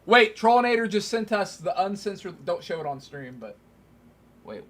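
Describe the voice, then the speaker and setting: A man's voice: sits high, big pitch swings, moderate pace, fairly bright tone, slight background noise. A man co-hosting a livestream, teasing his partner and reading chat messages aloud. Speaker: livestream co-host.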